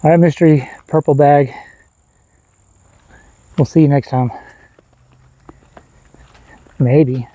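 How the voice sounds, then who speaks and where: This streamer speaks slowly, leaving long pauses, as he strolls outdoors in the country and casually addresses his chat. His voice is a bit high, there's no room sound, and the quality is lo-fi.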